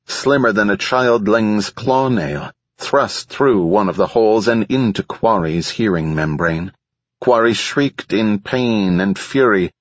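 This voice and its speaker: A man reads a story aloud in a low, husky voice, steady and measured. The sound is dry and close, with a slightly dull, lo-fi tone. Nothing else is heard behind him. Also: no echo. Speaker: audiobook narrator. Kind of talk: scripted narration.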